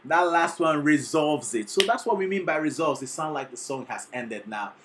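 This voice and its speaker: A vocal coach reacting to a singing performance, excitable and teacherly, often checking in with the listener. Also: mid-range voice, moderate pace. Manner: excitable, sings short demonstrations between explanations; teacherly, keeps checking in with "okay?". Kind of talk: reaction video commentary.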